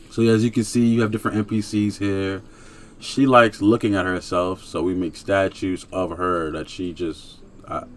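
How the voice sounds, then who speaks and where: A young man casually reviewing a video game in a laid-back, slangy way, chuckling and breaking into excited rants. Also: deep voice, slight background noise.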